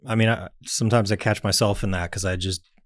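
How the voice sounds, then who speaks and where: A man's voice: on the low side, fairly even intonation, quick pace, no room sound, clean studio sound. A man co-hosting a podcast interview who speaks in a hesitant, reflective way. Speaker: podcast co-host. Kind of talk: conversational interview.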